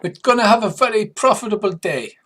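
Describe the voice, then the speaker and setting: A man's voice: high voice, animated, fast talker, a bit bright, pitched above the performer's own voice. A man voicing an edgy, greedy tapir-snouted alien guard who speaks in short, blunt phrases. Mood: demanding. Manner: curt, broken phrasing.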